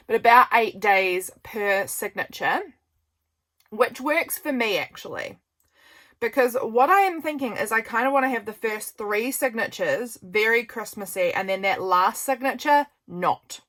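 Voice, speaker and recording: A woman's voice: medium pitch, a bit bright. Chatty New woman crafting. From New Zealand. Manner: chatty, self-deprecating, thinks aloud. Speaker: crafting channel host. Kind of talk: casual crafting chat.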